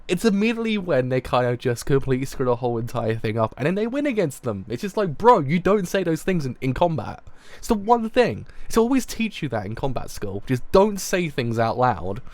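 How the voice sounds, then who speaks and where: A man with a British accent giving live reaction commentary in excitable, rambling asides. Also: mid-range voice, no room sound. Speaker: streamer.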